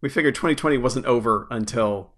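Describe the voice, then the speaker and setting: A man's voice: medium pitch, brisk, fairly bright tone. A man hosts a casual podcast in an easygoing way. He laughs easily and lets his sentences trail off. He is talking over a remote video call. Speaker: podcast host. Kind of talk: casual chat.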